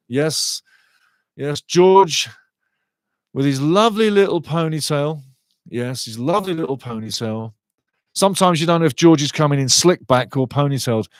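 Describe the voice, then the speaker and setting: A middle-aged man doing live fan commentary of a football match, chatty and excitable, greeting viewers by name. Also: a little high, dry recording.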